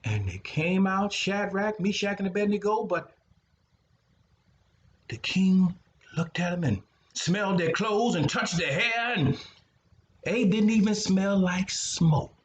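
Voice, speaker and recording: An older man tells a Bible story as a grandfather would, drawing out his words and making horn sounds with his voice. His high, bright voice swoops up and down, and the room gives back a clear echo. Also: expressive, takes it slowly, long pauses, highs cut off. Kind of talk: animated storytelling with sound effects.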